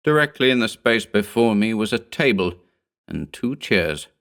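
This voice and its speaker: A man narrating a horror story in a measured, grave storytelling manner. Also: on the low side, lively intonation, fairly bright tone. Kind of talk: scripted horror audiobook narration.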